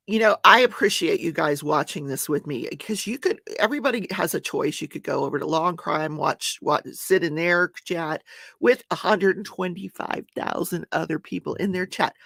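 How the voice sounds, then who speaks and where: A woman's voice: lowish voice, gravelly, fairly bright tone, no room sound, studio quality. An older woman hosting a casual home livestream, chatting and laughing as she greets viewers by name. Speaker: livestream host.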